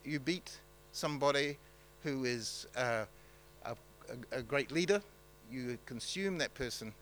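NZ male pastor, bright forward tone, halting off-the-cuff sermon delivery, faint hum behind. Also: mid-range voice, low-quality recording. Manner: halting, many fillers and restarts, conversational.

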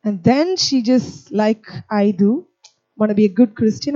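A woman's voice: mid-range voice, measured pace, no echo, highs cut off. A woman preaching a sermon, telling stories with humour and acting out scenes. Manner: animated, humorous storytelling, acting out scenes.

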